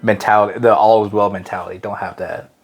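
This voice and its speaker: A man co-hosting a casual faith podcast, telling stories in an animated, slangy way and laughing easily. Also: on the low side, fast talker, slightly rough, muffled recording. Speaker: podcast co-host. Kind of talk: casual religious discussion.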